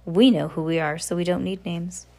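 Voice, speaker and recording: A woman's voice: lowish voice, steady tone, moderate pace, a little mellow. A woman reading aloud, voicing an aloof, self-satisfied male black cat in a dry, superior manner. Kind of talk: storybook read-aloud.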